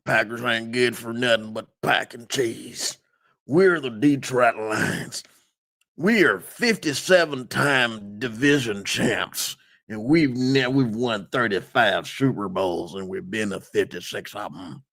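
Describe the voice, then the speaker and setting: A man's voice: mid-range voice, slow pace, creaky, fairly bright tone, pitched below the performer's own voice, heavily acted. A man voicing a boastful, clueless grown football fan in a put-on American Southern drawl, brash and mangling the facts.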